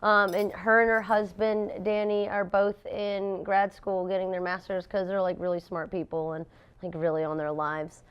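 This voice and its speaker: A young woman, a pastry chef, telling stories in a casual interview, animated and laughing often as she acts out what people said. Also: mid-range voice, normal speed, clean tone, dull audio.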